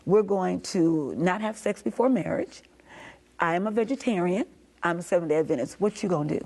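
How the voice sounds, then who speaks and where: Middle-aged woman telling her story, husky and kinda gravelly, warm dark tone. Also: lowish voice, a little fast. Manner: storytelling, acting out quoted speech; impassioned, pleading. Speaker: guest. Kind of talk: emotional personal testimony.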